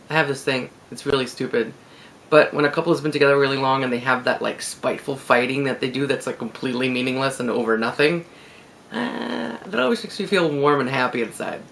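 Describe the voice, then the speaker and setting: Man, gravelly, creaky fry, mid-pitched, casual vlog monologue, candid, easy laughs, faint background hiss. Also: fairly bright tone, rough recording. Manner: candid, laughs easily, many fillers. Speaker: video blogger.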